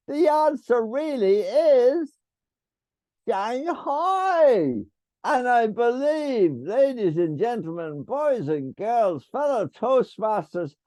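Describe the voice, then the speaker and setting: Older irish guy hosting, slow and theatrical, dry close sound. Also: a little mellow, no echo. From Ireland. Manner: theatrical, booming, teasing the audience. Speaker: meeting host. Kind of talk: lively meeting hosting.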